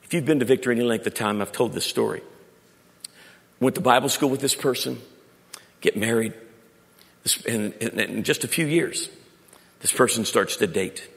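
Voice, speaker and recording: Pastor preaching in a big hall. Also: male voice, medium pitch, normal speed, gravelly, pauses often. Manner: storytelling preacher, shifting between loud emphasis and quiet intimate tones. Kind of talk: sermon. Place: church sanctuary. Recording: long reverb of a large hall.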